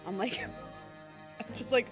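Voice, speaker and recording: A woman streaming a game, commenting casually with giggly, flustered exclamations, game music behind. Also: slow pace.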